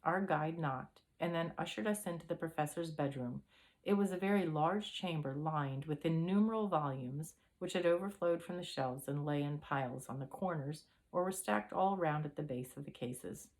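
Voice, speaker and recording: A woman's voice: low-pitched, moderate pace, a little mellow. A woman reading a classic detective story aloud as narrator. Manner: reads aloud with occasional throat-clearing. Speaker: audiobook reader.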